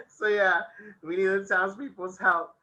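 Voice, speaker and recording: A man's voice: sits high, a little slow, bright, forceful tone, highs cut off. A man co-hosting a casual podcast, recapping a show episode and laughing often as he talks. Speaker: podcast co-host.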